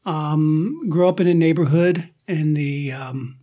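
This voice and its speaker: A man's voice: fairly high pitch, slow pace. Laughing man with a faint New Jersey accent. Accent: New Jersey, softened. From Newark, New Jersey. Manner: laughing, animated storyteller. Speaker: actor, interview guest. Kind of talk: casual studio interview. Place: studio.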